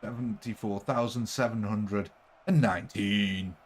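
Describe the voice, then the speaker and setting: A man's voice: on the low side, fairly even intonation, unhurried. A young man streaming a strategy game live, chatting jokily with his viewers. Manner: jokey, chatty, giggly. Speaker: gaming livestreamer. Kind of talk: live game commentary with chat.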